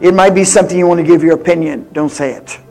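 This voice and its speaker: A woman in her eighties preaching a sermon with personal stories, swinging from loud exhortation to hushed confiding. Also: on the low side, fast talker, faint music behind. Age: 80s.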